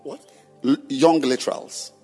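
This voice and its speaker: A man preaching to church leaders, questioning members of the congregation and then shouting his points. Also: medium pitch, fairly even intonation, measured pace, faint music behind. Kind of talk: sermon. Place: church hall.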